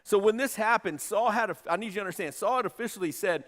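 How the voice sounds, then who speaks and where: A man's voice: sits high, quick pace, few pauses, a bit bright. Man preaching in an echoing church. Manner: conversational preaching with repeated phrases. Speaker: pastor. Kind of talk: sermon. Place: church sanctuary. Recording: church hall reverb.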